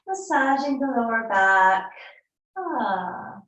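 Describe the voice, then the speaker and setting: Slow, soothing woman yoga teacher. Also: on the high side, lively intonation, fairly bright tone, muffled recording. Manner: slow, soothing, unhurried cues. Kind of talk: live yoga class instruction. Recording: echoey room, mic far off.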